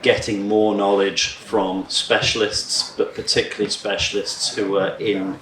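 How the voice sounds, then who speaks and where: A man, a farmer, giving a measured talk at a conference. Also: lowish voice, level tone, fairly bright tone, slight background noise. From Scotland. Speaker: farmer speaker. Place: conference room. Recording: echoey hall, distant mic.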